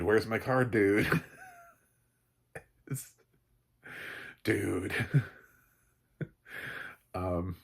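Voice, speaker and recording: A man's voice: lowish voice, a little mellow. A man casually reviewing an old movie, chatty and rambling, laughing often.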